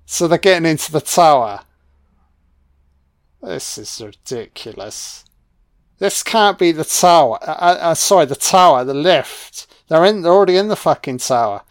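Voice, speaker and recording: A man's voice: on the high side, lively intonation, moderate pace, dry recording, clean studio sound. A man with a British accent giving an audio commentary on a film, mocking it with sarcastic, heavily profane riffs.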